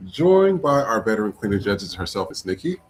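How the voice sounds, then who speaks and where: A man hosting a live podcast, opening the show with energetic greetings and shout-outs to supporters. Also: on the low side, a little fast, slight background noise. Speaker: podcast host.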